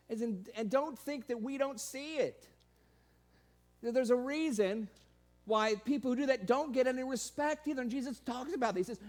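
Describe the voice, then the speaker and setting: Animated high-voiced male preacher. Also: normal speed. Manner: animated, laughing, sarcastic asides, quoting in raised voice. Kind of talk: sermon.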